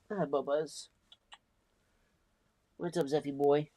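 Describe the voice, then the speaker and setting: A man hosting a casual live stream, cooing affectionate baby talk and soft murmurs. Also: medium pitch, normal speed, long pauses, no room sound. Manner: coos affectionate baby talk at a pet cat; soft-spoken, drifting between murmurs and bright calls.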